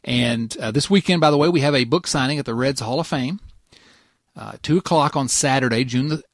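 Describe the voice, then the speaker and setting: A man's voice: medium pitch, fairly quick, dry recording, studio quality. A man hosting a casual podcast, rambling and laughing often as he tells a story. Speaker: podcast host.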